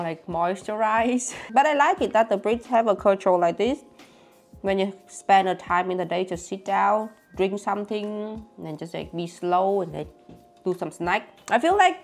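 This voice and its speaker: A young woman, chatting casually and giggling as she tastes food for her vlog. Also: medium pitch. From Vietnam. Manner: giggly, chatty, non-native phrasing. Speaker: vlogger.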